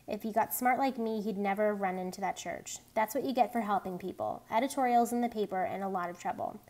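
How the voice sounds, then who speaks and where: A woman's voice: medium pitch, fairly quick, a little mellow, lightly acted. A woman reading a tough, reckless teenage greaser boy aloud, blunt and streetwise.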